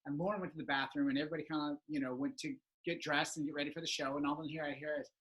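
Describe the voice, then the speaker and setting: Bright, excitable podcast host. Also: medium pitch, rapid-fire, poor audio. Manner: excitable, laughs often, acts out quoted people. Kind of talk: casual chat.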